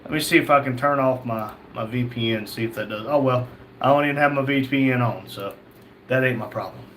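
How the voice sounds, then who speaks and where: A man hosting a live stream, reading viewers' chat messages aloud and answering them in a relaxed, chatty way. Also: medium pitch, brisk, slight background noise. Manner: reads chat names aloud, chatty and easygoing. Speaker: livestream host reading chat.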